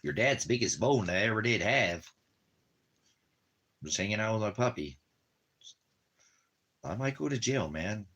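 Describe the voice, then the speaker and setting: A man's voice: on the low side, animated, measured pace, pauses often, a bit bright, slightly rough. A man talking casually at home, rambling and repeating himself, cooing to his dog and drifting into preachy religious talk. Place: at home in the desert.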